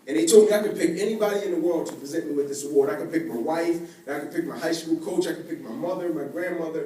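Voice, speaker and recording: A man telling a personal story to an audience, acting out the voices of the people in it and swinging between hushed and excited. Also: on the high side. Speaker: motivational speaker. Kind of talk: storytelling keynote speech. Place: large event hall. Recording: echoey hall from far off, faint noise.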